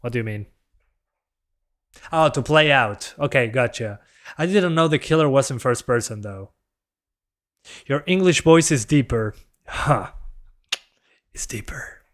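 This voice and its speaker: A man whose first language is Spanish streams a game in English, voice sitting at an ordinary middle pitch. He rambles loosely, pokes fun at himself and answers chat messages as they come in. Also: measured pace, pauses often. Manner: relaxed, rambling, self-deprecating, talks to chat. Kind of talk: casual gameplay chat.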